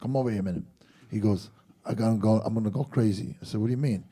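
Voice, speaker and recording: A man telling a lively story in casual chat, acting out the quotes as he goes. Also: lowish voice, rapid-fire. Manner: animated storyteller, acts out quotes.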